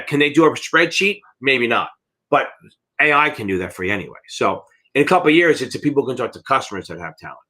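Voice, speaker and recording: A man's voice: mid-range voice, sharp tone. A middle-aged American man teaching exam prep in a live Q&A, blunt and rambling, with frequent swearing.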